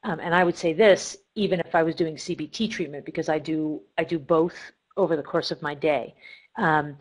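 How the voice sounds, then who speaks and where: The recording is rough, but her low-pitched voice stays steady at a moderate pace. A middle-aged therapist from Cleveland, Ohio, she lectures on treatment techniques step by step, full of ums and self-corrections.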